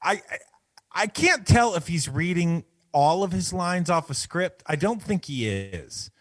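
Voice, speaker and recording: A man's voice: sits high, big pitch swings, unhurried, no room sound. A man co-hosting a movie podcast, chatting casually and reading a prepared bit in a mock-formal tone on a close mic. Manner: mock-formal delivery when reading his segment. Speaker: podcast co-host.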